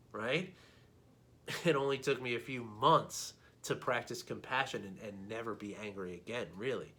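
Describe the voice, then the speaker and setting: A man's voice: medium pitch, moderate pace, bright, forceful tone. Man coaching, ending points with "right?". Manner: conversational, keeps adding a questioning "right?". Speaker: meditation coach. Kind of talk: informal teaching monologue.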